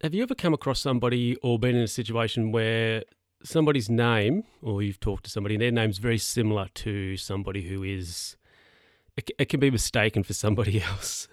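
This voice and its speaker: A man's voice: lowish voice, fairly quick, no room sound. Chatty man, dry close sound. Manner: rambling, chatty, self-correcting with laughs. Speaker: podcast host. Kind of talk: casual solo storytelling.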